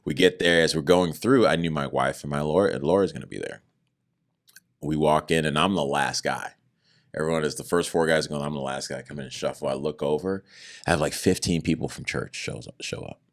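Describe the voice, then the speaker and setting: A man with a remarkably deep, low voice shares a personal testimony in conversation. He speaks earnestly about his faith and brings the story to life by acting out what other people said. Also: fairly quick. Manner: animated, acts out other people's words in raised voices. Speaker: podcast guest.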